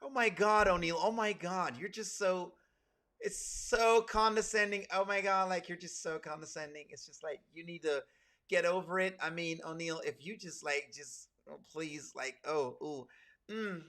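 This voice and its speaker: A man's voice: high voice, moderate pace, bright, forceful tone. A man voicing a gushing, condescending young white woman who says "oh my God" constantly. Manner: breathy, gushing, fillers like "oh my God".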